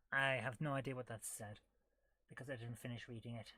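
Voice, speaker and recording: A woman streaming retro games and chatting as she plays, thinking out loud with amused disbelief. Her voice is bright and forward. The recording is dry and close, with no room sound. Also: a bass voice, fairly even intonation, fairly quick, no room sound. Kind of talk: casual live gameplay commentary.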